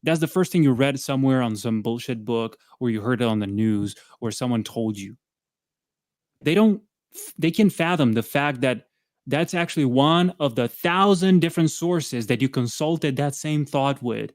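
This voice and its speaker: Male co-host, mid-range voice, winded from pushups, lively storyteller, dry close-mic sound. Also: mid-range voice, moderate pace, no room sound. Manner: animated storyteller, acts out quoted dialogue. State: out of breath. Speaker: podcast co-host. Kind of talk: casual chat during a pushup livestream.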